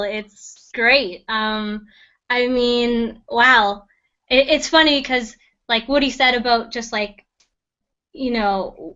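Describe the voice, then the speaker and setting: Relaxed woman hosting a team call. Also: a little high, dull audio. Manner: relaxed, many ums and hedging fillers. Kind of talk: casual talk on a team call.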